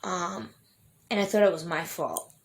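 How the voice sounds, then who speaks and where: A woman's voice: on the low side, a little slow. A young adult woman telling her own life story in a vlog, emotional and rambling, with many fillers and restarts. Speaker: vlogger.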